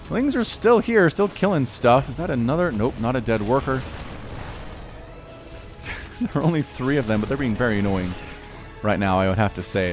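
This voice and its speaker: A man casting a strategy game, excitable and quick to shout at big plays. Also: mid-range voice. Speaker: game caster. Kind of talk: live strategy game commentary.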